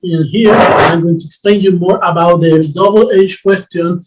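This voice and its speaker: A man teaching an English lesson, reading drill sentences slowly and reassuring his students with many restarts. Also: high-pitched, fairly even intonation, poor audio. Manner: reassuring, repeats himself with restarts.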